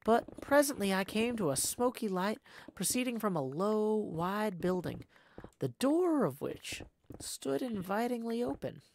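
A woman reading a classic novel aloud on a livestream, expressive and careful, with the odd stumble and self-correction. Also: mid-range voice, measured pace. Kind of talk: unhurried dramatic read-aloud.

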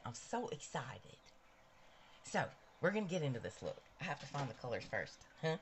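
A woman's voice: extremely low pitch, very animated, normal speed, a little hiss or hum. A middle-aged woman chatting straight to her live-stream viewers at home while doing her makeup, gushing and chatty. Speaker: livestream host. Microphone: cabled mic near a ring light.

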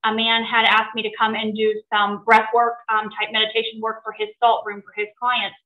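A middle-aged woman telling a personal story to an audience in an animated way, often laughing. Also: a little high, moderate pace, echoey room, narrow, tinny audio. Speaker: presenter.

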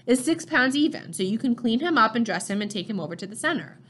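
A woman voicing a gentle male nurturer who talks to newborns in a sing-song baby voice, as part of an audiobook reading. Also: on the high side, big pitch swings, quick pace. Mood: matter-of-fact.

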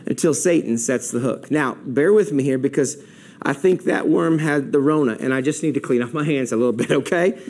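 A man delivers a sermon, his voice sitting high for a man. He talks in a chatty, animated way, working through his points with object lessons. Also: a little fast. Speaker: pastor. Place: church, streamed online.

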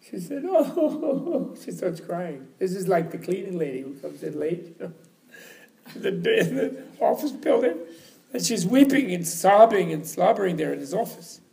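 A man's voice: sits high, lively intonation, normal speed, creaky, darkish tone. A man giving an informal teaching talk at a retreat, rambling and chuckling as he tells stories. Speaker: lecturer. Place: retreat hall.

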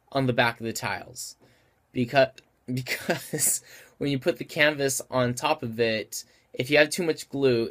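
A man hosting a craft tutorial, talking through the steps in a casual, friendly way while he has the hiccups and stops to apologize for them. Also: medium pitch. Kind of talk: casual how-to explanation.

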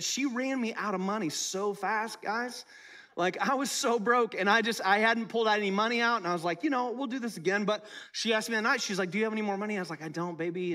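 Middle-aged pastor guy with a high voice, chatty joking sermon, talks right to the crowd. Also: fast, pushed and bright. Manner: conversational, playful, talks to the congregation. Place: church service.

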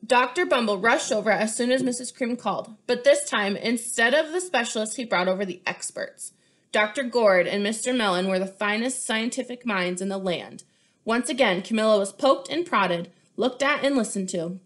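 A young adult woman reading a children's picture book aloud, clear and expressive as she shows the pages. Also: fairly high pitch, normal speed. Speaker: storyteller.

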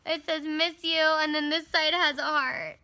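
Young woman fitness vlogger, high and excitable, gushing, casual to camera. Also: a little slow. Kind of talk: casual vlog.

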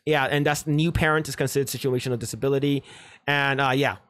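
A man's voice: medium pitch, steady tone, fast, fairly bright tone. A man hosting a livestream, talking casually and rambling, repeating himself and reading chat comments aloud. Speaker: livestream host.

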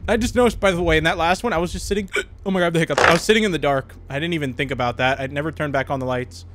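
A man's voice: on the high side, racing, very noisy. A young man commenting on a horror game as he plays, jumpy and joking, laughing often. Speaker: gaming youtuber.

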